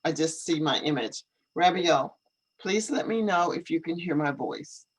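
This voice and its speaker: Slow-talking live-stream host. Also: medium pitch, expressive, husky, rough recording. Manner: thinks aloud while troubleshooting, repeats questions. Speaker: English teacher hosting a live stream. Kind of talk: casual live-stream chat. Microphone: computer video call.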